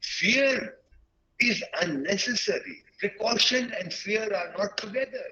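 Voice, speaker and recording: A man in his sixties from India, giving an earnest, reflective lecture to teachers and pausing often mid-sentence. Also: sits high, sharp tone, highs cut off. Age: 60s. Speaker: guest speaker at a teachers' webinar. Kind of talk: lecture-style talk.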